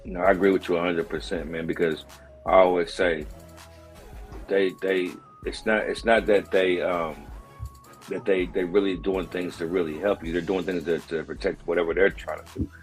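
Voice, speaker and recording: Tipsy man with a low voice, loose and rambling. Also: steady tone, moderate pace, soft background music. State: tipsy with hiccups. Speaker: podcast co-host. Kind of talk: casual chat.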